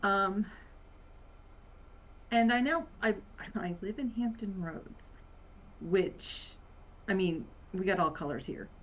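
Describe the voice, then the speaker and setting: A woman with a Virginia accent, a guest in a casual talk, rambling with many pauses and fillers and laughing often. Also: medium pitch. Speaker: podcast guest. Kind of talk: casual conversation. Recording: muffled lo-fi audio.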